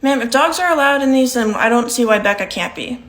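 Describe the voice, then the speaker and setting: A woman's voice: a little high, animated, brisk, fairly bright tone. A young woman performing short comedy sketches, playing every part herself with a dry, matter-of-fact delivery.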